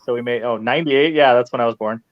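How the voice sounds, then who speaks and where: A man's voice: mid-range voice, fast, no room sound. Jokey man in his forties on a dull call line. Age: 40s. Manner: jokey, easygoing. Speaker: guest prop and mask maker. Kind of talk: casual video-call interview. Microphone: video call. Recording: dull, dry video-call audio.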